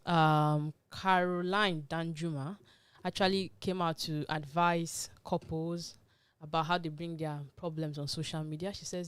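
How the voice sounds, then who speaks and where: Low-voiced woman hosting talk radio. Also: fairly even intonation, normal speed, smooth, no echo. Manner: conversational, opinionated, emphatic asides. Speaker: radio talk show host. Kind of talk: casual panel discussion. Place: radio studio.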